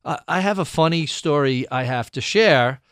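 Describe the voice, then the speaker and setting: Male podcast host, smooth resonant voice, dry close mic, rambling storyteller. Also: a little high, animated, moderate pace, a bit bright, no echo. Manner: rambling, with restarts and quoted dialogue. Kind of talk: casual storytelling.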